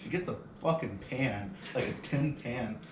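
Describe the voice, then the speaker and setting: A young man on a podcast, telling stories excitably and swearing as he goes. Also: medium pitch, normal speed. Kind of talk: casual chat. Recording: echoey room from a distance, loud hiss.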